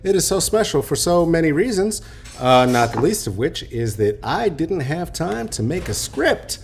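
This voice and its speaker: A man's voice: a little high, sing-song, moderate pace, creaky, husky. A man in his late forties hosting a podcast unscripted, joking and rambling with many ums and restarts. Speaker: podcast host. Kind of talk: casual unscripted podcast talk.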